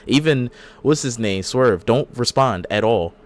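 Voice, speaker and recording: A man's voice: mid-range voice, expressive, a little slow. A man co-hosting a casual podcast, telling a long rambling story and acting out the quotes. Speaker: podcast co-host. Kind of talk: casual chat.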